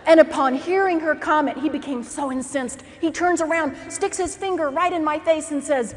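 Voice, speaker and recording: High-voiced woman telling a funny story. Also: moderate pace, few pauses. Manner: animated, acts out characters, laughs through lines. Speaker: keynote speaker. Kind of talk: humorous storytelling speech. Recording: echoey hall with faint noise.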